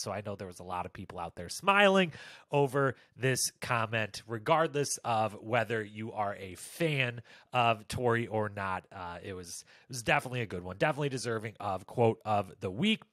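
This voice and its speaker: A man hosting a casual reality-show recap, talking animatedly and jumping up in pitch when he quotes people. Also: normal speed, a bit bright, no room sound, studio quality. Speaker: recap podcast host. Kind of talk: casual commentary.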